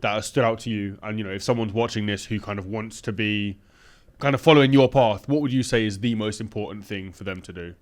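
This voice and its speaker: A man hosting a podcast, bantering excitedly about football and asking his guest questions. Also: on the low side. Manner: quick, excitable sports banter. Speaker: podcast host. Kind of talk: casual podcast chat.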